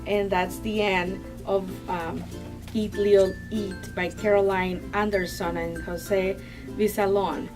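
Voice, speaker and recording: A woman's voice: mid-range voice, level tone, slow, over music, rough recording. A woman guest chatting casually and enthusiastically about children's picture books, laughing often. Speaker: guest book reviewer.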